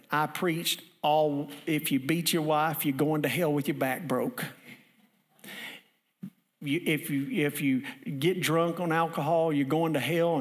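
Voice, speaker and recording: Animated preacher in a reverberant hall. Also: male voice, fairly high pitch. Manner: folksy, animated, building to shouting. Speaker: pastor. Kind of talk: sermon with storytelling.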